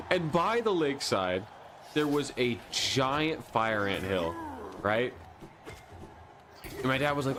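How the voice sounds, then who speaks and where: A man streamer casually tells a story about himself, animated and self-mocking, breaking into laughter often. His pitch sits in an ordinary middle range. A faint ambient hum runs underneath. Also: normal speed, pauses often.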